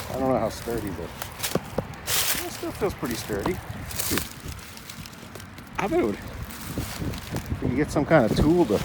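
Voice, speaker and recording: A man in his forties vlogging casually outdoors, rambling in a chatty, self-mocking way with little asides. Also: medium pitch. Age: 40s. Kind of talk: casual vlog narration. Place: outdoors, windy lakeside walk and parked car. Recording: wind and traffic noise outdoors.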